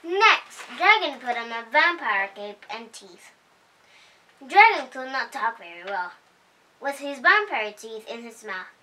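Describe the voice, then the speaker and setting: A high, bright female voice reads a children's picture book aloud at home, its pitch rising and falling with the story. She keeps a slow, cheerful pace. The mic sits some way off. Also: very animated. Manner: cheerful, unhurried read-aloud. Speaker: storytime host. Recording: voice heard from a distance.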